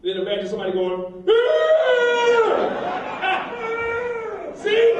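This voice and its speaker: A young man doing a rambling, crude stand-up set on a comedy club stage, swinging between loud bursts and low mutters. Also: recorded from a distance. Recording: echoey club room heard from afar, crowd noise. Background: audience laughter.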